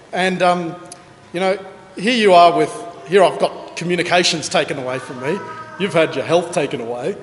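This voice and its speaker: A fairly high-voiced Australian man preaching in a church hall, his voice ringing back off the walls with a long reverb tail. His talk is chatty and joking, and he pokes fun at himself as he tells stories to the congregation. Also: a little hiss or hum. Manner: chatty, joking, self-deprecating. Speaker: pastor. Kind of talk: conversational sermon with anecdotes.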